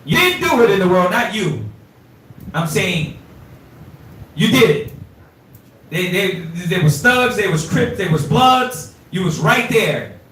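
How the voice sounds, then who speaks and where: A man teaching an informal scripture class, animated and streetwise, quizzing his students, recorded from afar in an echoey room. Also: sits high, slow, pauses often, recorded from a distance, a little hiss or hum.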